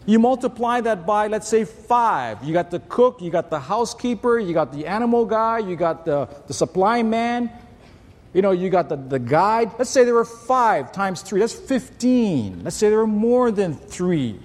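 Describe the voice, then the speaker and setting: Chatty pastor in a big echoing hall. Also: male voice, high voice, sing-song, moderate pace, darkish tone. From Hawaii. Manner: conversational, asks rhetorical questions, repeats words. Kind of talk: storytelling sermon. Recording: long reverb of a large hall.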